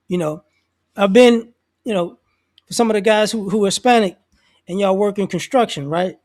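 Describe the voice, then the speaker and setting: With a high-pitched, darkish male voice, moderate pace and long pauses, a commentator delivers a casual monologue on society. He talks loosely in slang, restarting sentences and acting out what other people say in quotes.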